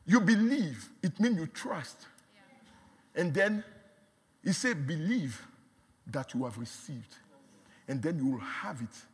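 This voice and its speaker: A man preaching a sermon, emphatic and repetitive, dropping to a hush and then rising to shouts. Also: on the high side, lively intonation, slow pace, pauses often, breathy edge, big-room sound. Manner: emphatic, repeats words, swings from hushed to shouting.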